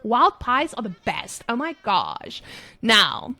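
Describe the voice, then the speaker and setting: A woman's voice: on the high side, sing-song, pushed and bright, no room sound, heavily acted. A woman putting on a bubbly young American coffee-shop girl voice while commentating a strategy game, gushing and upbeat. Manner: gushing, upbeat, drawn-out exclamations.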